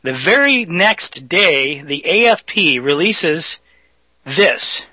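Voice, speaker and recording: Bright-voiced talk radio host, a man. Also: fairly high pitch, lively intonation, slow, no room sound, poor audio. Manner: folksy, addresses listeners directly. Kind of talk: opinionated talk radio monologue.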